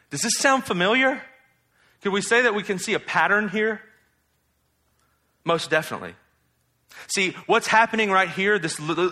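A man preaching an expository sermon in a conversational, animated way, asking rhetorical questions. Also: a little high.

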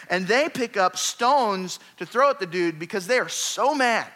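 A man preaching with a bright, forward voice that sits a little high. He retells scripture in an animated, conversational way, punching key words with sudden rises. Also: a little slow, hardly any pauses. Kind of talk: sermon.

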